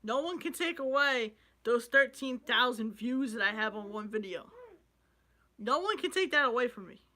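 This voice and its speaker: A man's voice: very high voice, expressive, normal speed, sharp tone. A young man vlogging in an emotional, rambling way, swearing freely as he talks about loss and his dreams. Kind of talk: emotional casual vlog talk.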